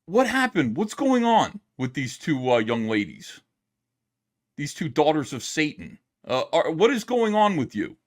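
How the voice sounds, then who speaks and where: A man streaming his reactions to videos, yelling and swearing in an exasperated rant from home. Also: fairly high pitch, wildly swooping pitch, measured pace. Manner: loud, exasperated, profane yelling. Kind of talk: angry commentary rant. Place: home, downstairs.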